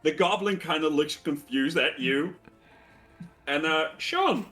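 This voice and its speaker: A man's voice: fairly high pitch, slow, fairly bright tone, soft background music. A man acting as game master, narrating a tabletop game in a wry, crude way with laughing asides.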